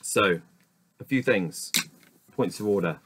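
Low-voiced man reading word lists. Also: slow, background noise. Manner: steady list reading, with muttered doubts about pronunciation. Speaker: YouTube host reading the dictionary aloud. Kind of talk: reading a word list aloud with casual asides.

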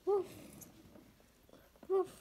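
A woman voicing a small excitable puppy that barks in high yaps during toy play-acting. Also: very slow, phone-quality sound, a little hiss or hum. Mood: excited.

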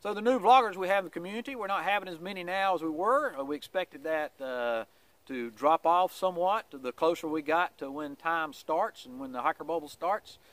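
A man's voice: on the high side, fairly quick, fairly bright tone. A man giving a casual weekly vlog update in a folksy, rambling way, with many "uh" fillers.

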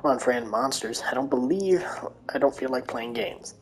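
A woman's voice: extremely low pitch, expressive, moderate pace, rough recording. A woman voicing a dazed male doctor who sounds bewildered and irritable.

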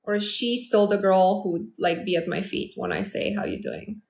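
A woman's voice: medium pitch, normal speed, vocal fry, a little mellow, echoey room. A woman hosting a casual live stream as a manifestation coach, talking confidently and chattily to viewers. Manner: confident, chatty, acts out quoted lines.

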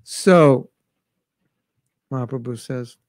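A man's voice: mid-range voice, slow pace, darkish tone, dry recording. A man giving a spiritual class, talking conversationally and reciting verses in Bengali and Sanskrit. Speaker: spiritual teacher. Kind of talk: scripture class lecture. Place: recorded at home during travel restrictions.

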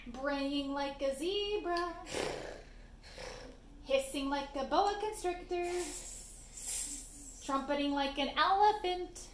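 A woman reading a picture book to children, singing its refrains in a slow, gently playful sing-song voice. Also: sits high. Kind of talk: sung storybook read-aloud. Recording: roomy echo, faint background hiss.

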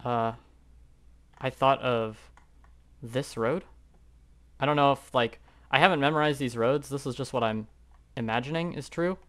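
Young guy rambling thru a guessing game, middle pitch, lots of ums and i don't knows. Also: measured pace, pauses often, fairly bright tone. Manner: rambling, self-doubting, thinking aloud with many fillers. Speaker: YouTuber playing a geography guessing game. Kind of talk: live gameplay commentary.

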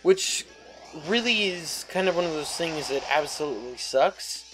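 A man's voice: fairly high pitch, animated, moderate pace, music in the background, rough recording. Chatty man commenting on his gameplay. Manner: chatty and jokey, swears freely. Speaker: let's play host.

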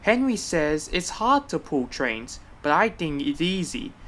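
A man's voice: on the high side, a little slow, slight background noise. A man voicing an impatient, boastful young male tank engine in a storybook reading. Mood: proud. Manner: excitable, proud and cross by turns. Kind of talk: storybook voice acting.

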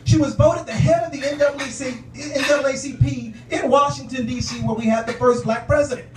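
High-voiced stand-up comic, echoey club. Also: male voice, fairly even intonation, fairly quick, recorded from a distance, over music. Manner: conversational, punchy. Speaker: stand-up comedian. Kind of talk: stand-up set. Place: comedy club stage.

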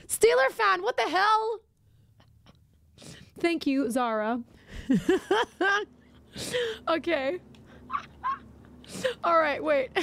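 Casting: high-voiced, gravelly woman streamer, chatty and quick to react. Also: slight background noise. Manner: excitable, chatty, reads viewer messages aloud. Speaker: live-streaming gamer. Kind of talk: live gameplay stream chat.

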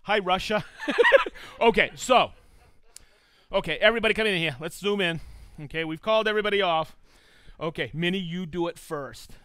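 A man's voice: sits high, moderate pace, pauses often, bright, forceful tone, clean tone, dry recording. A man hosting a live stream, cheerfully reading out viewers' hometowns and joking with his crew. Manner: upbeat, reads viewer locations aloud, jokey. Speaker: live show host. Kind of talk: casual live-stream chat.

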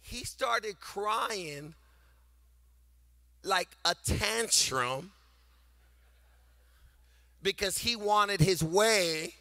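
Animated high-voiced older man preaching. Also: extremely slow, long pauses, dry recording, clean studio sound. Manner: animated preaching, sing-song emphasis, swings loud and quiet. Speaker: pastor. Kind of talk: sermon. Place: church sanctuary before a congregation.

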